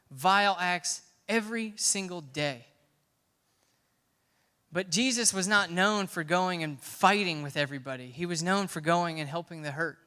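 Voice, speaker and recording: A man preaching to a youth group in a large church hall, his high, bright voice ringing out with a long reverb tail. He tells his story with emphatic swells that push close to shouting. His tone stays smooth and clear throughout. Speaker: youth pastor. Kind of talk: sermon.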